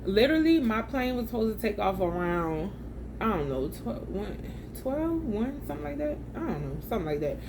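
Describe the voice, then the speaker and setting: A woman's voice: on the high side, normal speed, vocal fry, noisy background. Chatty woman storyteller. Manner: chatty and slangy, with animated retold dialogue. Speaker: vlogger. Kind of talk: casual storytelling vlog.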